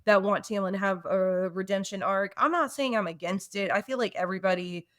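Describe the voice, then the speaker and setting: A woman co-hosting a casual book podcast, venting hard and swearing freely. Her voice sits in an ordinary middle pitch. It is recorded dry and close, with no room sound. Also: steady tone, brisk, a bit bright, dry recording. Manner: ranting, frequent swearing. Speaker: podcast co-host.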